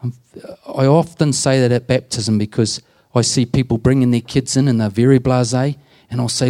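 Earnest man, mellow voice. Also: mid-range voice, steady tone, moderate pace, few pauses. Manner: earnest, plain-spoken, acts out quoted dialogue. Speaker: deacon and prison minister. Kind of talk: storytelling in an interview.

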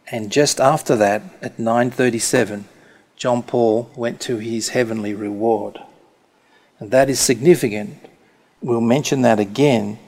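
A man preaching a sermon, speaking slowly and stressing key words deliberately. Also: medium pitch, darkish tone.

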